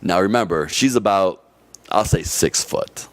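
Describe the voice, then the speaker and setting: A man from Detroit, a podcast guest telling a story casually, animated, laughing often and swearing freely. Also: sits low, unhurried, dry recording. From Detroit, USA.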